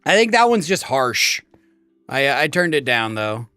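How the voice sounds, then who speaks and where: A man's voice: mid-range voice, very animated, measured pace, bright, forceful tone, clear, resonant tone, dry recording, soft background music. Chatty guy streaming games, talks to chat nonstop, dry close sound. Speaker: game streamer. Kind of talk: casual live-stream chat.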